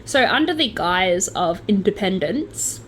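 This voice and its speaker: A woman's voice: mid-range voice, big pitch swings, a little slow, slight background noise, low-quality recording. A young Australian woman hosting a true crime channel, telling the story in a casual, chatty way with sardonic asides.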